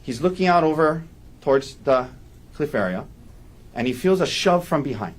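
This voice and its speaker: A man's voice: a little high, animated, moderate pace. A man giving a courtroom opening statement as defense attorney, emphatic and repeating key points for weight.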